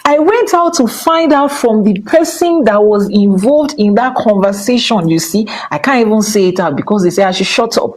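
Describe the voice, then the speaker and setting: A Nigerian woman, an Ifa priestess, giving a casual spiritual talk, dropping into hushed whispers and rising to high exclamations. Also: animated, normal speed, hardly any pauses, rough recording.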